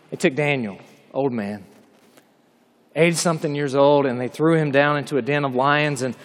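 High-voiced preacher telling a story dramatically. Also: male voice, big-room sound. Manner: dramatic storytelling, swinging from loud to hushed. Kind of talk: sermon.

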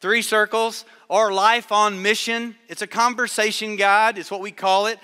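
A man preaching a sermon to a live audience, telling a story with animated voices for the people in it. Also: high-pitched, normal speed, clean tone, big-room sound.

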